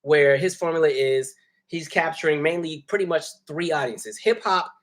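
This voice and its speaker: A man's voice: on the high side, moderate pace. Chatty man hosting a live stream. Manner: animated, laughs often, jumps between soft asides and loud bursts. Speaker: host. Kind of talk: casual live chat reading comments.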